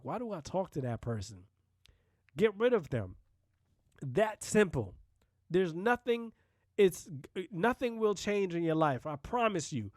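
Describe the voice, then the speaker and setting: A man's voice: sits high, a little mellow, no room sound, studio quality. A man hosting a solo podcast, talking bluntly and casually, with profanity and frequent "you know what I mean" asides. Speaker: podcast host.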